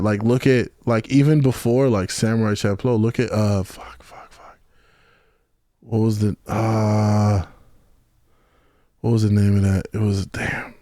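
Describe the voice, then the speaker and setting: Laid-back slangy man, low mellow voice. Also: no room sound, studio quality. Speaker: podcast guest, beatmaker. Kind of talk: casual chat.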